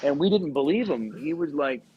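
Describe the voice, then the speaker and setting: A man's voice: fairly high pitch, fairly quick, slight background noise. A young adult man, a former Marine recruiter, telling a profane story casually and acting out the voices of the people in it. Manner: animated, profane, acts out quoted voices. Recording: dull lo-fi podcast audio.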